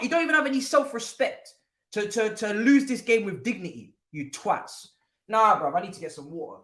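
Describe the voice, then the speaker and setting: A man's voice: high-pitched, sharp tone. A man with hosting a live football watchalong, angry and swearing in a repetitive rant.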